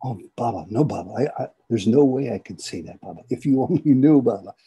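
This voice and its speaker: A devout, very old Englishwoman, flustered and reluctant, who pleads in halting starts. A man puts her on with a dark, husky, mellow voice, kept quiet and soft. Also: mid-range voice, lively intonation, highs cut off, heavily acted. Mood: pleading, reluctant.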